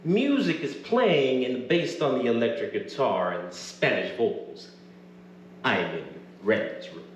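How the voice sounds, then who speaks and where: A man's voice: mid-range voice, expressive, slow, slight background noise. A man performing a live, dramatic reading of his own novel to an audience, recorded from afar in an echoey venue. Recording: echoey room from far off.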